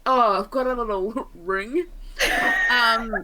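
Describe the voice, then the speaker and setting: A woman joins a tabletop game as a player, her voice bright and somewhat high. She hesitates with ums and giggles often. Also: slow, poor audio. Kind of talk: tabletop role-play chat.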